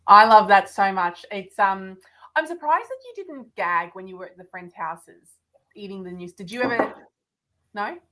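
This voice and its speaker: A woman's voice: mid-range voice, expressive, moderate pace, pushed and bright, poor audio. A woman hosting a podcast interview, encouraging her guest and laughing along. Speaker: podcast host. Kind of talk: casual interview chat.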